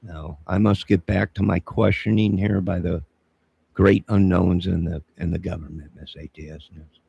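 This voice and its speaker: A man with a very low, gravelly voice talks on a live stream, indignant and sermon-like. He is husky and rough, and scolds his listener as 'sir'. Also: steady tone, normal speed, dark tone, muffled recording. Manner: indignant, preachy, confrontational, keeps saying 'sir'. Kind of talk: rambling live-stream monologue.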